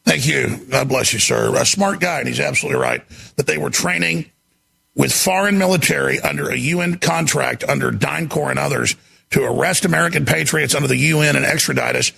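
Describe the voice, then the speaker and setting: A man's voice: fairly high pitch, a little fast, vocal fry, bright, forceful tone, breathy edge. A man hosting a talk radio show, speaking in an intense, indignant and emphatic way. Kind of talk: heated talk radio commentary.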